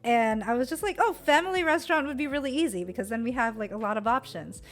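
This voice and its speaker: A woman's voice: fairly high pitch, animated, fast talker, faint music behind. A young American woman streamer chatting casually about a trip, giggly and full of fillers. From United States.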